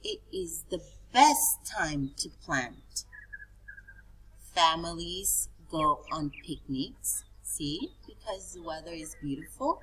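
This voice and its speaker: Preschool teacher, female, very slow and lilting, husky tone. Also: low voice, animated, a bit bright, poor audio. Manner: slow, sing-song and pointing things out. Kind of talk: teaching young children.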